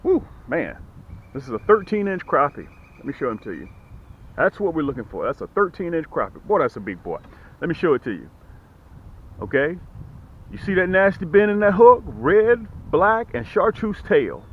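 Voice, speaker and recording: A man fishing outdoors and talking casually to his viewers, excitable and folksy as he pitches his lures. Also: normal speed, highs cut off, slight background noise. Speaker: fishing vlogger and lure seller. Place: outdoors on a boat.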